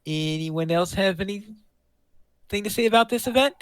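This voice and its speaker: A man chatting on a gaming podcast, his voice sitting a little high. He talks in a halting way and restarts his sentences often. The sound is dry and close. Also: a bit bright, dry recording. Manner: halting, repeats words while thinking. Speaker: podcast co-host. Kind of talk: casual chat.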